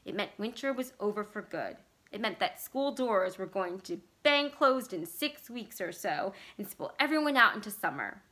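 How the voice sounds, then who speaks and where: A woman reads a horror story aloud with a bright, clear voice. Her delivery is measured and expressive, with mid-range pitch for a woman. It sounds like a library read-aloud. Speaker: library staff reader.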